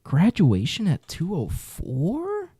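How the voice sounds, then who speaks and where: A man's voice: high voice, wildly swooping pitch, slow pace, mellow, breathy edge, no room sound, studio quality. A man reacting casually to a music list, muttering exasperated, profane comments with whispered asides.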